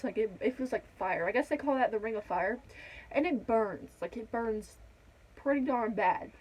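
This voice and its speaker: Teen girl vlogger, chatty storytime, kinda high voice, says like a ton. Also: moderate pace, low-quality recording. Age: teens. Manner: chatty, says "like" a lot, acts out quotes in a higher voice. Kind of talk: casual storytime.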